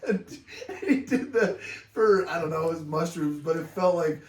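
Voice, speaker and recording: A man's voice: a little high, reverberant, distant mic. A man hesitantly telling a story in casual podcast chat, with lots of fillers and laughter. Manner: halting, filler-heavy, laughing. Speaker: podcast guest.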